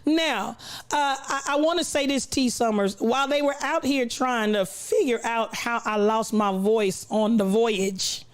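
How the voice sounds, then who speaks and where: A woman's voice: fairly high pitch, unhurried. Playful woman streamer, preacher-like cadence. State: recovering voice, coughing. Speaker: livestream host. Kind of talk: casual livestream chat reading comments.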